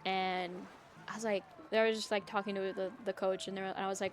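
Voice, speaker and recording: A woman's voice: mid-range voice, flat delivery, moderate pace. A young woman streaming live, chatting casually with viewers in a rambling way, full of fillers and frequent laughter. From United States.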